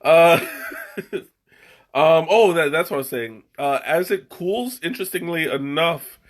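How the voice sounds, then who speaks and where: Slow-talking man hosting a live stream. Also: on the high side, animated. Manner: rambling, chuckling, trails off mid-sentence. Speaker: livestream host tasting tea. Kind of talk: casual live-stream chat. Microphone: webcam.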